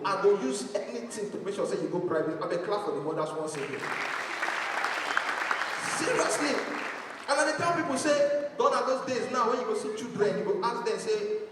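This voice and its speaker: High-voiced Nigerian man telling stage jokes. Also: quick pace, some chatter behind, a little hiss or hum. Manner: animated storytelling, acting out family members. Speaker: stand-up comedian. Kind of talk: stand-up comedy set. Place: church hall stage. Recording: echoey hall from far off.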